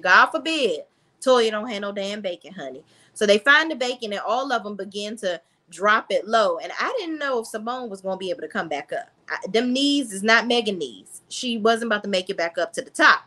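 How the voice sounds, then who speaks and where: A woman's voice: medium pitch, bright, forceful tone. A woman reviewing a reality TV episode in a blunt, sassy, casual recap style, talking straight to her viewers.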